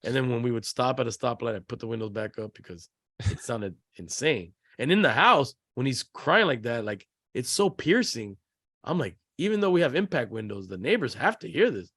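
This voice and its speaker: A man co-hosting a podcast, animated and acting out his kids' voices as he tells family stories. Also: medium pitch, brisk, husky, dry recording, clean studio sound. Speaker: podcast co-host. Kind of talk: casual chat.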